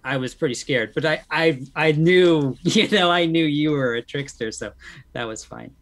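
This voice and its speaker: A man's voice: on the high side, normal speed, fairly bright tone, close to an everyday voice. A man voicing a timid, nervous monster youth who rambles earnestly as he tries to make friends in a tabletop game.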